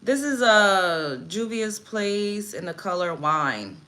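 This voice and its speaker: A woman's voice: medium pitch, expressive, takes it slowly, pushed and bright. A woman hosting a livestream, reading chat comments aloud and answering them in a blunt, profane, indignant rant while doing her makeup at home. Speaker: livestream host.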